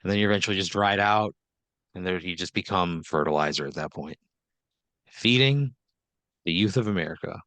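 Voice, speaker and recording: Low-voiced man narrating an improv comedy story. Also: brisk, long pauses, fairly bright tone, dry recording. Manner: casual, laughing narration full of "like" and "right?". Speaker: host and game master.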